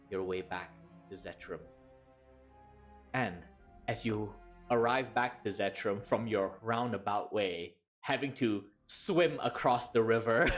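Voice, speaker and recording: Calm male game master narrating. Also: lowish voice. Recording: faint background music.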